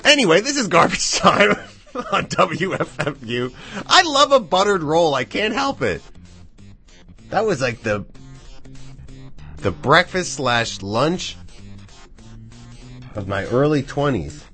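Rambling radio DJ man, very lively pitch. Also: takes it slowly, long pauses, soft background music. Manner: rambling, thinks out loud, chatty. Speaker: radio DJ and host. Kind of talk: casual live radio chat. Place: radio studio. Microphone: studio microphone.

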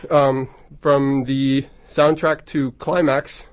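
A male radio DJ talking loosely between tracks in his studio, excitable and rambling with plenty of ums. His voice sits at an ordinary pitch, close to a studio mic in a dry, dead room. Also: drawn-out words, dry recording. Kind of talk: casual on-air chat between songs. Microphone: studio microphone.

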